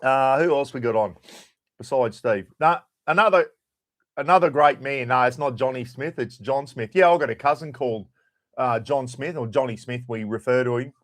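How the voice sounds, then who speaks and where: A man's voice: mid-range voice, normal speed. A middle-aged Australian man hosting a casual live stream, chatting loosely and greeting viewers by name. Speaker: livestream host.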